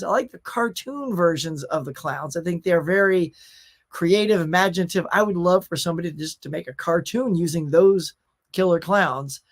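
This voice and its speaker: Laid-back man hosting a live chat. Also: high voice. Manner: laid-back, chatty, greets viewers by name. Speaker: host of a pop culture live show. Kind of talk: casual livestream chat. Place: his own home collection room.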